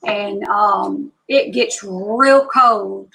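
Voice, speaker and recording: Creaky, pushed and bright in a mid-range voice, the sixty-something host is heard on a rough recording. With her Alabama accent and slow drawl, she casually chats on her live psychic reading stream and greets viewers by name.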